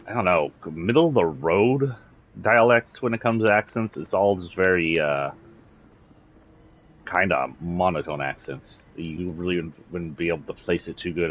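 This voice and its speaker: A man's voice: low voice, highs cut off, a little hiss or hum. A man from Texas with a slight Southern accent, delivering a blunt, indignant political rant on a livestream, swearing freely. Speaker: political commentator.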